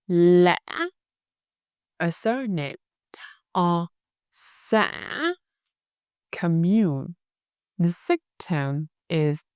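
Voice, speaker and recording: A Vietnamese woman with a Hanoi accent teaching a language lesson, patient and encouraging, modelling each word slowly for learners to repeat. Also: fairly low pitch, a little mellow, no echo, clean studio sound. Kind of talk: slow, clear tone lesson with drills.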